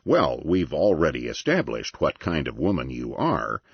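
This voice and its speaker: A man's voice: extremely low pitch, wildly swooping pitch, moderate pace, creaky, slightly rough, no room sound, muffled recording, heavily acted. A man voicing a smug, sly man delivering a cutting punchline, in a dry, sardonic manner.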